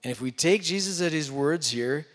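A man preaching a sermon, retelling a scripture story with loud emphasis and hushed asides. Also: a little high, expressive, normal speed, in a large hall. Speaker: pastor.

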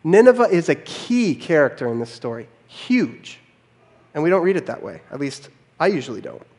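A man's voice: fairly high pitch, sing-song, normal speed, a little mellow, long reverb tail. A man preaching a sermon as pastor, in a conversational storytelling way with wry asides.

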